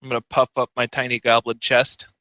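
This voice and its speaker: A man's voice: mid-range voice, completely flat delivery, brisk, bright, forceful tone, no room sound, poor audio. A man playing his character in a tabletop game, casual and hesitant. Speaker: player.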